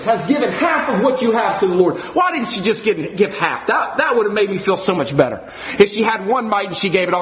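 A pastor preaching an emphatic sermon, firing off rhetorical questions to the congregation. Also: male voice, fairly high pitch, roomy sound, muffled recording.

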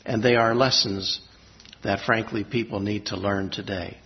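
A man preaching a sermon, telling a personal story in a reflective, halting way with pauses and restarts. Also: fairly low pitch, fairly even intonation. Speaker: pastor. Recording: slightly dull lo-fi recording.

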